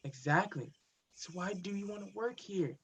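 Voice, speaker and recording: A man's voice: high voice, moderate pace, husky. A man reading the part of a blunt, stubborn young police officer in a play reading over a video call. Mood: arguing. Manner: blunt, argumentative. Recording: dull lo-fi video call audio.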